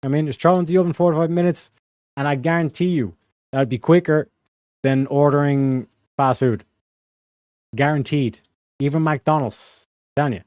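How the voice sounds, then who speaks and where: A man's voice: on the high side, normal speed, long pauses, a little mellow, no room sound, clean studio sound. A young man hosting a livestream in casual, rambling chat, full of slang and "you know what I mean". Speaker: livestream host.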